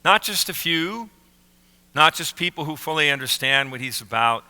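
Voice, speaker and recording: Man, pastor, sermon, bright tense tone, smooth clear voice, echoing church. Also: on the high side, animated. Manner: slow emphatic phrasing with pauses on key words. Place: church sanctuary. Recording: reverberant church sanctuary.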